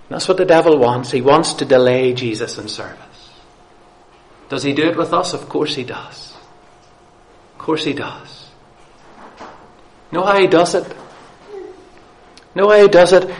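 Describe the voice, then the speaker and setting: A man's voice: on the high side, measured pace, long pauses. A man preaching a sermon in an earnest way, asking his listeners questions and repeating key phrases for emphasis.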